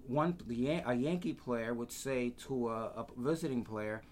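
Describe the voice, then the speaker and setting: A man, telling lively stories as a guest and acting out the voices of the people in them. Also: medium pitch, normal speed. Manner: animated, acts out quoted voices. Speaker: guest storyteller. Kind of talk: casual anecdotes.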